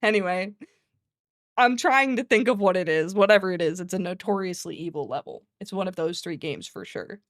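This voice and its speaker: A woman's voice: fairly low pitch, expressive, fairly quick, no echo, clean studio sound. A woman streamer chatting casually, rambling between topics, laughing often and swearing freely. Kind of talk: casual chat.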